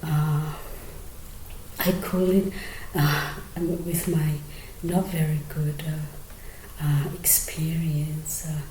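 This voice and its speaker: A woman's voice: deep voice, level tone, extremely slow, pauses often, mellow. A young woman casually explaining her singing technique, hesitant, with many fillers and stretches of near whisper. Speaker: amateur singer sharing tips. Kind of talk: casual vocal tutorial. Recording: echoey room with faint ambient noise.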